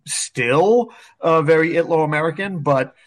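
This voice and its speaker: A man from Rhode Island in a casual podcast chat, talking in a relaxed way with many fillers. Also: fairly high pitch, unhurried.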